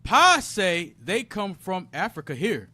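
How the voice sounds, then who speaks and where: This is a man reading passages aloud in a Bible class, one short piece at a time. His voice is high and bright, and his delivery is slow and deliberate. The sound is dry and close. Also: sing-song, no room sound.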